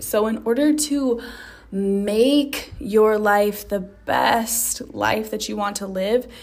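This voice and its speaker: A woman's voice: fairly high pitch, a little mellow. Blunt, cursing woman podcast host. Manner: blunt, profane, pep-talk delivery. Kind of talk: motivational solo podcast monologue.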